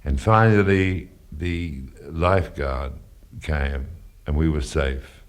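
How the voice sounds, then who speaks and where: Very deep-voiced man telling an earnest story. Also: slow. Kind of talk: reminiscing in an interview.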